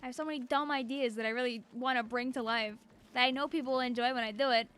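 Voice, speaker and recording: A chatty young woman talks while streaming a game, her voice high and bright. She rambles in a bubbly, casual way and laughs often. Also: steady tone, quick pace, smooth, soft background music. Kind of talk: casual gameplay chat.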